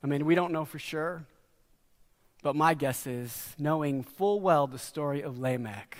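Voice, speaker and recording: A middle-aged man preaching a sermon as a pastor, earnest and dropping to quiet emphasis on key words. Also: fairly high pitch, measured pace.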